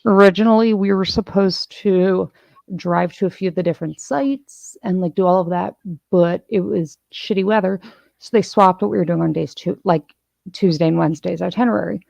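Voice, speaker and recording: Gravelly-voiced woman telling a rambling story. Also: lowish voice, normal speed, a little mellow, dry recording. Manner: chatty, rambling storyteller with many restarts. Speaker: channel host. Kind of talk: casual chat.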